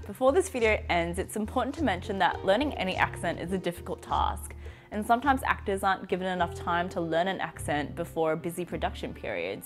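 An Australian woman narrates a scripted explainer with a low-ish voice and a lively, swinging melody. Her delivery is wry and conversational, with soft music running underneath. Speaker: presenter.

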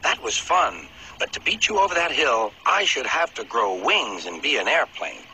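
A man's voice: mid-range voice, very animated, moderate pace, sharp tone, slight background noise, full character voice, poor audio. A man voicing a cocky, friendly male bus who talks in a jaunty, teasing way. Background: music.

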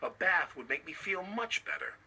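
A man's voice: on the high side, huge pitch swings, moderate pace, husky, pitched above the performer's own voice, heavily acted. A man voicing a small, eager male tank engine who sounds fretful and indignant. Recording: distant voice under loud music.

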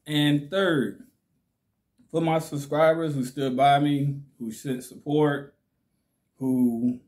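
Man, slight lisp, slow pace, casual slangy vlog talk, mid pitch. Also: mellow. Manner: slow, laid-back, slangy, laughs often. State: slight lisp from swollen cheeks. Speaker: channel host.

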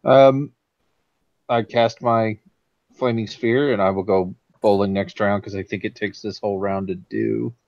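A man's voice: on the low side, fairly even intonation, a little slow, darkish tone, no echo. A man playing in a tabletop game, laid-back and making dry remarks. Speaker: player. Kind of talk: casual chat at a game table. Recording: dull, lo-fi, dry sound.

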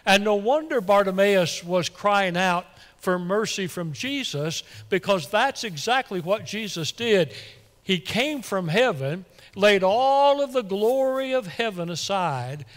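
A man preaching a Sunday sermon as pastor, folksy and excitable, repeating words as he gets worked up. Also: high voice, unhurried. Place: church sanctuary. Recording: long church reverb.

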